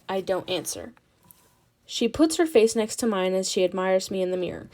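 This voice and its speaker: A woman reads a novel aloud in a steady, quiet voice. Her pitch sits in the middle. The delivery is even and unhurried. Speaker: audiobook reader.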